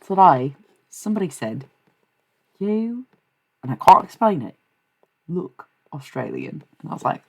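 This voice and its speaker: Speaking in a fairly low, sing-song voice, this young adult woman is unhurried and creaky, pausing often, with a slightly rough, somewhat mellow tone. She streams live as a tarot reader, chatting casually with viewers in a profane, blunt, rambling way that veers between rants and laughs.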